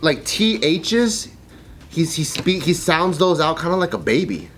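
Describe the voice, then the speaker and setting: Animated, rambling man on a podcast. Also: a little high, a little slow, faint music behind. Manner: hesitant, rambling, restarts. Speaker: podcast co-host. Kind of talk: casual chat.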